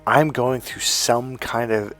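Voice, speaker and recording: Profane, animated man telling a story. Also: medium pitch, slow, faint music behind. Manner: animated, profane, self-interrupting. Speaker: life coach. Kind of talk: casual storytelling monologue.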